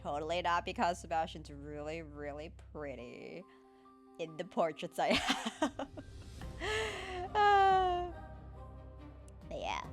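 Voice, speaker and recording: A young woman streaming, talking in a fairly low voice that swings up and down a lot. She complains in a dramatic, playful way and laughs often. Soft music plays behind her. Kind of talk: casual stream chat.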